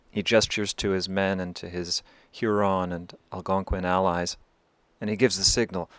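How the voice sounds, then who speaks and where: Wry male storyteller, lowish voice, dry close sound. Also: fairly even intonation, a little fast, a bit bright, dry recording. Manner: wry, conversational. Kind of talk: oral storytelling.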